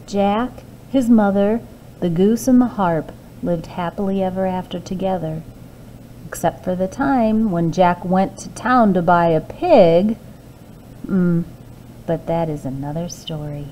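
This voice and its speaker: A woman librarian reading a fairy tale aloud to children, expressive with hushed asides. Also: medium pitch, measured pace, slight background noise, rough recording.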